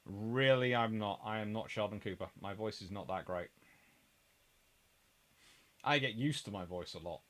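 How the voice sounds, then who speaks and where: A man's voice: on the low side, moderate pace, pauses often. A middle-aged man from England, hosting a rambling live-stream chat and answering viewer comments. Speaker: host.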